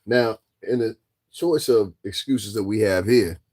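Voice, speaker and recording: Talking straight to his audience, this vlogger offers laid-back commentary and throws out mocking rhetorical questions. His voice is low-leaning and a touch mellow, with a measured pace.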